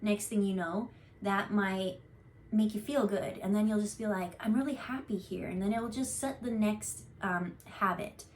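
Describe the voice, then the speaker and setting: Woman, intuitive card reader, casual rambling delivery, earnest, mid pitch, faint background hiss. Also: fairly even intonation, normal speed. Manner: chatty, rambling, earnest with frequent fillers and restarts. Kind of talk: casual channeled tarot reading.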